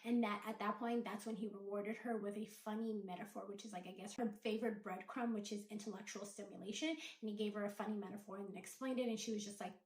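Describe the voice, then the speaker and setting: A woman's voice: medium pitch, steady tone, quick pace, hardly any pauses, darkish tone, echoey room, rough recording. A woman casually retelling someone else's story, chatty and full of quoted dialogue.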